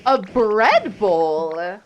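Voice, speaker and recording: A woman's voice: medium pitch, very animated, very slow, over music. A woman streamer in casual livestream chat while playing a game, hesitant and trailing off as she reflects.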